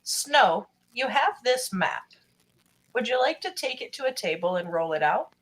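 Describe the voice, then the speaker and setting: Slow, measured woman game master. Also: fairly high pitch, very animated, fairly bright tone. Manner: measured, descriptive narration. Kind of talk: narrating a tabletop game.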